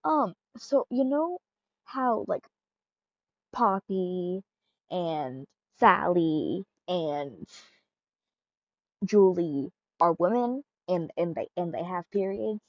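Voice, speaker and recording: Woman doing a sweet awkward puppet guy, stumbles over his words, slow, dry lo-fi sound. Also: lowish voice, very animated, no echo, full character voice. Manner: stammering, flustered and earnest. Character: awkward, sweet puppet boyfriend, young man. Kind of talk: fan audio role-play.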